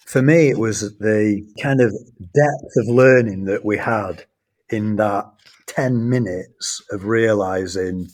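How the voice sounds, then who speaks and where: A middle-aged man telling a personal story as a podcast guest, earnest and animated. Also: lowish voice. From England. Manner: earnest, animated anecdote telling with quoted dialogue. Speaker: guest, school trust academic leader.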